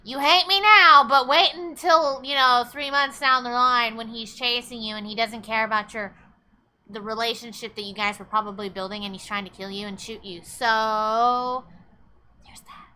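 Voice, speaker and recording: A woman's voice: on the high side, steady tone, normal speed, sharp tone, slight background noise. A young woman streaming a game live, chatty and rambling, swearing freely and thanking viewers as she talks. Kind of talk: casual live game commentary.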